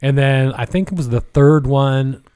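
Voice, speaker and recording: A man's voice: mid-range voice, measured pace, dark tone, clear, resonant tone. A young adult man with a Pacific Northwest American accent, co-hosting a podcast and telling a story in a rambling way, swearing a lot and whispering the lines he quotes. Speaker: podcast co-host. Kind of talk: casual storytelling chat.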